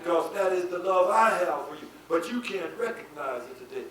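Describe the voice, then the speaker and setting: A high-pitched man preaches to a hall audience, asking rhetorical questions and swelling into shouts. He sounds far from the mic, with heavy room echo and a faint hiss behind him. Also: lively intonation, brisk. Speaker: spiritual leader giving a lecture. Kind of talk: preaching lecture. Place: lecture hall before an audience.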